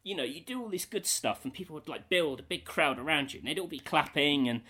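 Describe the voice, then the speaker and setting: A man in casual chat, telling an animated story with many fillers and frequent laughter. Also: on the high side, fast talker, husky.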